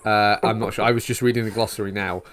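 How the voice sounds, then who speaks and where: A man's voice: on the low side, flat delivery, quick pace, a bit bright. A young man with a Yorkshire accent hosting a casual podcast chat, rambling with lots of fillers and teasing his guests. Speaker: podcast host.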